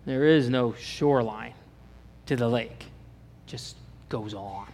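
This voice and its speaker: A man from Kansas with a Kansas accent preaching a sermon as pastor, animated and asking the congregation questions. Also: mid-range voice, slow pace, in a large hall, a little hiss or hum.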